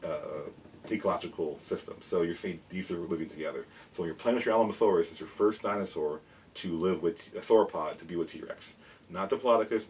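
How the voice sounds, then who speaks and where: A man eagerly explaining dinosaurs in a casual show-and-tell, rambling with quick restarts as he holds up figures. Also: low voice, darkish tone. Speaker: dinosaur educator and toy collector. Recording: mic at a distance, faint background noise.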